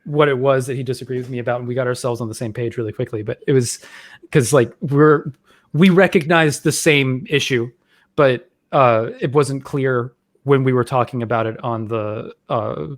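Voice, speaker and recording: A man's voice: medium pitch, steady tone, moderate pace, no echo, clean studio sound. Hesitant man. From Atlanta. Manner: hesitant, filler-heavy storytelling. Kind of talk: casual chat. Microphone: video call.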